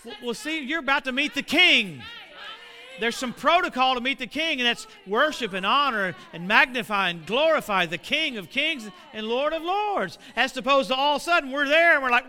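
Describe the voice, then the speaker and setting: A middle-aged man preaching a sermon, animated and building to shouts. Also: very high-pitched, normal speed. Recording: long reverb of a hall.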